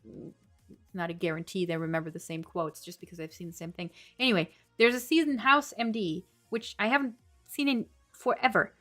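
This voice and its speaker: A woman's voice: fairly low pitch, normal speed, fairly bright tone, faint music behind. A woman, a language-learning streamer, chatting casually on a livestream as she reads and answers viewer comments, laughing often and switching between English and German.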